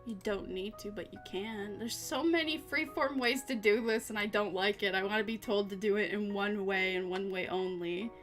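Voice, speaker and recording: A woman's voice: mid-range voice, moderate pace, few pauses, a bit bright, soft background music. A tired woman streaming casually, rambling to herself and her chat with little laughs. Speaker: vtuber streamer.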